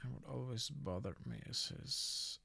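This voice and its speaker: A man with a Russian accent, a native Russian speaker, chatting casually while he draws on a live art stream. He pauses often to search for the right word, reflective and relaxed. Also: medium pitch, creaky, husky. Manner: halting, often stops to search for words; relaxed, reflective, laughs easily.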